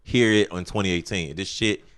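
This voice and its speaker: A low-voiced man holds forth on a casual podcast. He talks emphatically, swears freely and leans hard on the points he wants to make. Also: normal speed, a bit bright. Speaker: podcast co-host.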